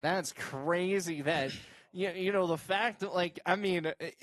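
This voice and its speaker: Man, sports host, slightly high voice, casual interviewer, lots of fillers, dry recording. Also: a little slow, dry recording. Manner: excited shouting calls over game highlights, then casual questions with fillers. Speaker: sports show host and play-by-play caller. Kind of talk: high school football play-by-play and interview.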